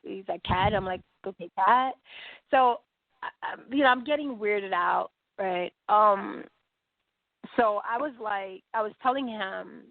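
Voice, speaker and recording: On a tinny phone line, a New York woman, new here, tells a story as a podcast guest in her mid-range, creaky voice, speaking a little slowly. She is animated, quoting others in dialogue with many fillers, and the recording is dry with no room sound.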